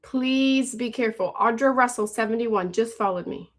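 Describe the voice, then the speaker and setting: A woman hosting a phone live stream, pitching her courses fast and urgently, repeating herself and calling out viewers by name. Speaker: livestream host selling online courses.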